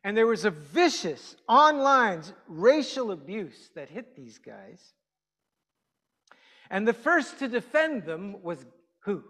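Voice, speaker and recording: A high-pitched male pastor gives an easygoing, conversational sermon, tossing questions to his listeners. His voice rings out with a long reverb in a church hall. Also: sing-song, slow pace, fairly bright tone. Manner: chatty, asks the congregation questions.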